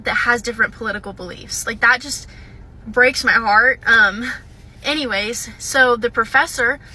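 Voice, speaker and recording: A woman's voice: on the high side, sharp tone, rough recording. A young woman, a university student, telling a personal story to the camera in a casual, hesitant way, full of "um" and "like". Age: young adult. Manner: hesitant, with frequent "um" and "like".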